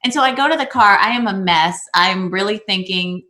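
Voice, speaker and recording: Bright-voiced chatty woman telling a story. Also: mid-range voice, a little fast. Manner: chatty storyteller, animated retelling with many restarts. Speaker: co-host. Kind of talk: casual video-call chat.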